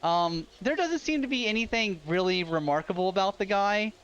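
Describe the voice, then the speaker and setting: A man narrating a tabletop game as dungeon master, relaxed and casual with frequent filler words. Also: high-pitched, normal speed, clean tone. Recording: dull lo-fi with loud ambient music.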